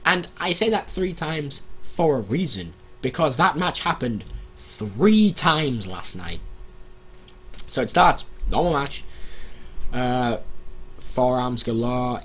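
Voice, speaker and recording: Excited man recapping wrestling. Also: medium pitch, unhurried, slight background noise. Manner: excited, animated, imitates people with loud shouts. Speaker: wrestling results vlogger. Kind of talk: casual recap vlog.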